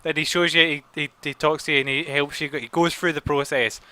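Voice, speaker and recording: A man, narrating a tabletop game as game master with animated, playful delivery. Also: fairly high pitch, quick pace.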